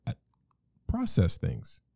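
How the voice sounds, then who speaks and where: A man's voice: slow pace, dark tone, no room sound, studio quality. A man in casual podcast chat, talking in a loose, rambling, emphatic way.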